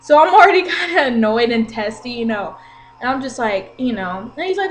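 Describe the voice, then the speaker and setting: A woman in her twenties telling an exasperated story in a casual vlog rant, animated and talking with her hands. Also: fairly high pitch, brisk. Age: 20s. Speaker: vlogger.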